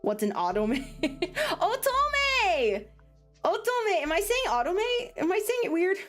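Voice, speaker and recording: Giggly, animated woman streamer. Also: very high voice, normal speed, faint music behind. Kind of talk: casual chat on a livestream.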